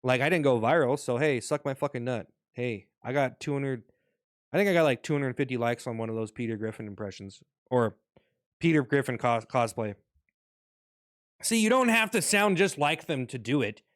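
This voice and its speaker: A man's voice: medium pitch, expressive, normal speed, no echo, clean studio sound. A young adult man vlogging in a rambling, profane casual rant, often restarting his sentences.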